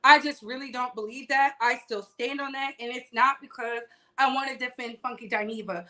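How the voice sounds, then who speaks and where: Bright high-voiced sassy streaming woman. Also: fairly even intonation, moderate pace. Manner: chatty, greets viewers by name, sassy asides. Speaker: host of a live-streamed gossip show. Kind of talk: casual live-stream chat.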